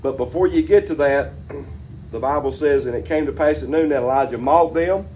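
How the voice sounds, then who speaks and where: A pastor preaching a Sunday sermon, reading scripture aloud and then explaining it in plain, colloquial everyday speech. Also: male voice, fairly high pitch, moderate pace. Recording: slightly dull recording with faint room hiss.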